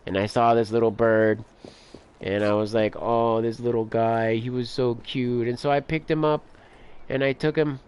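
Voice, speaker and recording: A man with a medium-pitched, clean voice streams a game and tells rambling stories between play. His casual let's-play commentary is heavy on filler, with lots of "like" and "dude."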